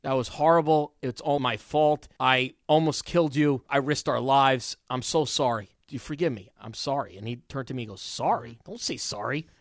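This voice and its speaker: A man hosting a sports talk radio show, telling stories with loud bursts of excitement. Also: medium pitch, moderate pace, hardly any pauses, no room sound, studio quality. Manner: animated storyteller, bursts into loud exclamations.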